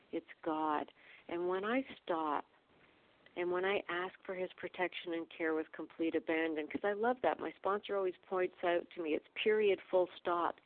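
A woman's voice: on the low side, slight background noise. Earnest woman on a phone line. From Canada. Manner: earnest, reflective, quotes her own old prayers. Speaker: meeting member sharing. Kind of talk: recovery meeting share. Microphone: phone call.

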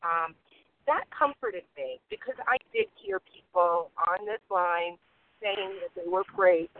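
A woman with a New York accent sharing her story at a recovery meeting, halting with many ums, heartfelt. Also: medium pitch, wildly swooping pitch, gravelly. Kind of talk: personal share in a phone meeting. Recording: phone line.

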